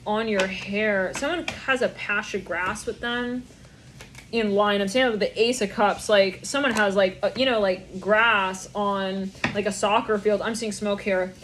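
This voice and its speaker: A woman's voice: medium pitch, steady tone, measured pace, fairly bright tone, a little hiss or hum. A young woman giving a channeled tarot reading, rambling in a stream of consciousness, swearing and laughing often. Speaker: tarot reader.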